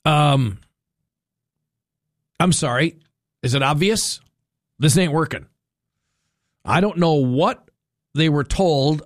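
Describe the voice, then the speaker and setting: Exasperated talk radio host, dry sound. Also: male voice, on the high side, dry recording. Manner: exasperated, incredulous, rambling with repeated restarts. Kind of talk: opinionated talk radio monologue.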